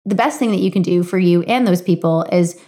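Candid, chatty woman podcaster, low voice. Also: a little fast, mellow. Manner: candid, chatty, swears casually, laughs often. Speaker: podcast host. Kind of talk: solo podcast monologue.

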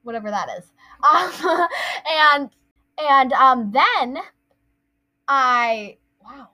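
Woman podcast co-host, high and bright, playful rambling chat. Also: expressive, very slow, low-quality recording. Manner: rambling, playful make-believe storytelling. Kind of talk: casual chat.

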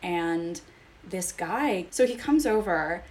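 A woman's voice: fairly low pitch, moderate pace. A woman hosting a podcast interview, chatty and wry as she tells her own stories. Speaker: podcast host. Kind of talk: conversational interview.

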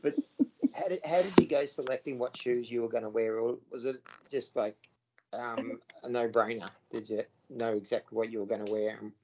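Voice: mid-range voice, fairly even intonation, fairly quick. Rambling questioner with faint background noise. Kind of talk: casual interview questions.

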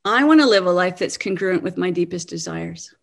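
A woman in her fifties giving a sermon-style talk, earnest and animated, laughing now and then. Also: on the low side, fairly quick. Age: 50s. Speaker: speaker.

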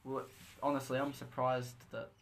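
A teenage boy co-hosting a casual podcast, with a bright, forward voice. He talks bluntly and teases his friend. He swears offhandedly and fills gaps with "um" and "like.". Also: mid-range voice, flat delivery, normal speed, creaky. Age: teens. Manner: chatty and blunt, teasing, swears casually, many fillers. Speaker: podcast co-host.

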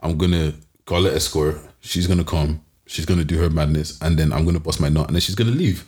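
Young male podcast co-host, very low voice, loose rambling delivery full of slang. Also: fast, darkish tone. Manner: laid-back, rambling, frequent restarts and slang. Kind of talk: casual chat.

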